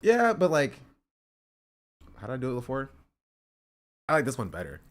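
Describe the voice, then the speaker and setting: Male streamer, casual reaction talk, medium pitch. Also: wildly swooping pitch, normal speed. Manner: chatty, repeats himself, reads chat aloud. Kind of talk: casual live-stream commentary.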